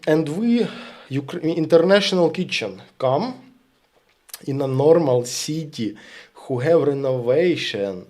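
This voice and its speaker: Um homem com sotaque ucraniano, falante nativo de ucraniano, contando histórias numa conversa casual de transmissão ao vivo, em inglês truncado, franco e cheio de palavrões. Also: male voice, on the high side, a little mellow. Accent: Ukrainian. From Ukraine. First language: Ukrainian. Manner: blunt, profane, broken English storytelling. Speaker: streamer. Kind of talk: casual stream talk.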